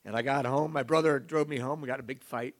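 A man's voice: medium pitch, fairly even intonation, quick pace. A middle-aged man giving a confessional, emotional, self-mocking personal testimony as a recovery speaker.

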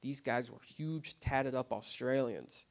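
A man of middle pitch speaks openly about his recovery at a group meeting, in a plain, unpolished testimony. His delivery is halting and filled with "like" and "right?", restarting his sentences as he searches for words. He keeps a low, subdued volume that turns earnest. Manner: halting, full of "like" and "you know what I mean", with restarts. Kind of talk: personal testimony, casual and unscripted.

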